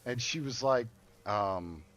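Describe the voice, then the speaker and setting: A man's voice: medium pitch, takes it slowly. A man telling a story in a casual way while gaming. He swears a lot and acts out the people in his story. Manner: animated, profane, acts out quoted dialogue.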